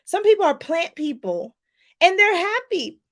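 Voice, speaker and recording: A woman life coach talking casually to her viewers in a live stream, chatty and lively, laughing often and calling them "y'all". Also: unhurried. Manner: lively, pitch jumps up for emphasis.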